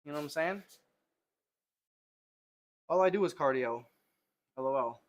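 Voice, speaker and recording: A man's voice: on the high side, animated, measured pace. Winded man joking through a gym stream. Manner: joking, rambling, talks to chat. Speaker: livestreamer. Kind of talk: casual livestream chat between lifting sets. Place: home gym.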